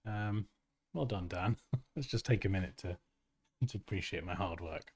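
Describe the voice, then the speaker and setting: A man with a fairly low, slightly breathy voice hosts a design tutorial livestream, speaking at normal speed close to a desk mic. It's casual live tutorial chat: he's chatty and self-mocking, laughs often between steps, and reads out chat comments.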